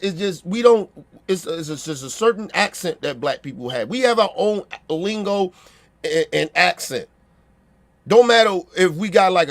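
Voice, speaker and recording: A man with a Baltimore accent giving a blunt, profane opinion rant, repeating himself and checking that listeners agree. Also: high voice.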